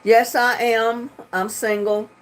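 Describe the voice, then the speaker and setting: A woman's voice: a little high, flat delivery, slow. A woman from North Carolina with a Southern drawl, chatting casually and laughing often as she reads comments on her livestream from home. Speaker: livestream host reading chat. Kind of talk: casual live chat. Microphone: computer webcam mic.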